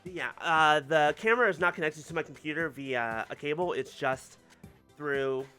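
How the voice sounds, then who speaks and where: A game streamer rambling casually while playing, chatty and quick to laugh. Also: medium pitch, bright, forceful tone, clear, resonant tone, faint music behind. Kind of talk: casual let's-play commentary.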